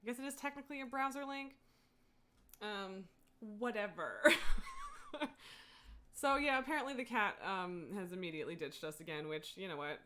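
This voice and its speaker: A woman's voice: medium pitch, fairly even intonation, fast talker, pushed and bright. A woman livestreaming a game, chatting casually from home in a rambling way, full of fillers and frequent laughs. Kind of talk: casual gameplay chat.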